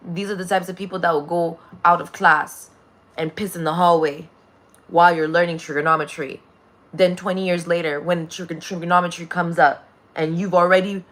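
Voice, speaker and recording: A woman's voice: fairly low pitch, a bit bright. A woman. She rambles, swears freely and breaks into laughter often. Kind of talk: casual spiritual monologue.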